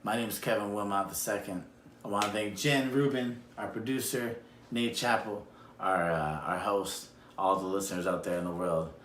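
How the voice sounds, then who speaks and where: A man telling a personal true story on a self-recorded video, acting out quotes with sudden jumps in pitch. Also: moderate pace. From Madison, Wisconsin area. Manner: animated, acts out quotes with big pitch jumps. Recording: echoey room with faint noise.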